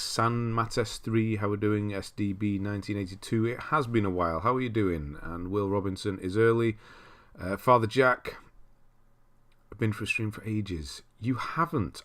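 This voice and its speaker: A man's voice: fairly low pitch, a bit bright. A man from Britain hosting a casual livestream, chatting and greeting viewers by name. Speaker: livestream host. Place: cold room at home.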